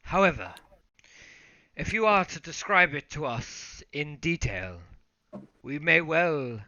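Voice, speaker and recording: A man voicing a formal, eloquent adventurer in a tabletop game, with slow, pompous phrasing. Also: medium pitch, bright, forceful tone, no echo. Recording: dull, dry recording.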